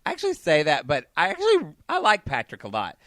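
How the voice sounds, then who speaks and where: A man co-hosting a podcast, tossing off snarky, deadpan asides. His voice is bright and a touch high, with very lively pitch swings. The recording is dry and close. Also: fast, no room sound. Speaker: podcast co-host. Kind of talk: casual chat.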